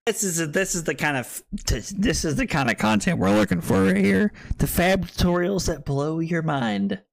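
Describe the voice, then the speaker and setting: A tipsy male streamer hosts a tournament broadcast, loud and excitable, with a bright, cutting tone. His pitch swings wildly between low mutters and high yelps. He laughs often and swears freely into a streaming mic. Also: moderate pace, creaky. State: tipsy from drinking. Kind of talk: casual livestream commentary. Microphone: streaming microphone.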